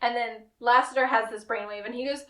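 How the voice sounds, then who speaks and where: A woman's voice: on the high side, brisk. A woman co-hosting a podcast, casually recapping a TV episode and acting out the characters' lines with laughs. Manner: animated, acts out quotes with laughs. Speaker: podcast co-host.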